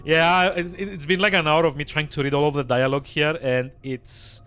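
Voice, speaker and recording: Hoarse, chatty male livestreamer. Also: fairly high pitch, a little fast, faint music behind. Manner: chatty, excitable, laughs often, many fillers. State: slightly hoarse from voice acting. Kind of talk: casual chat with viewers.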